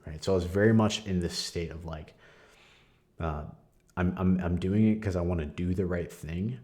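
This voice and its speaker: A young man hosting a podcast, sharing a candid personal testimony in a casual, conversational way with frequent fillers and soft laughs. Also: low voice, moderate pace. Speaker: podcast host.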